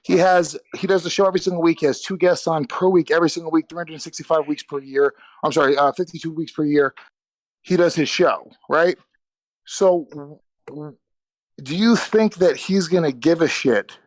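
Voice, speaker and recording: A man's voice: a little high, normal speed, no echo. A man guest on a podcast, arguing insistently and profanely, cutting in and restarting his sentences. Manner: insistent, talks over others, many restarts, profane. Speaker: guest comedian. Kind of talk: heated podcast argument.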